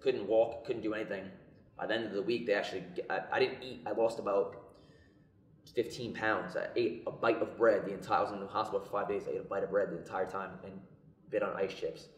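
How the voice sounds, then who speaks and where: Young guy rattling off a story quick, lowish voice, roomy echo. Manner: animated, acts out quoted voices. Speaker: podcast co-host. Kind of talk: casual storytelling. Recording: echoey room.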